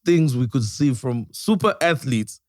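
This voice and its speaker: A man's voice: mid-range voice, lively intonation, unhurried, a crowd in the background. A man chatting casually on a podcast, riffing playfully on wild ideas. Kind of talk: casual chat.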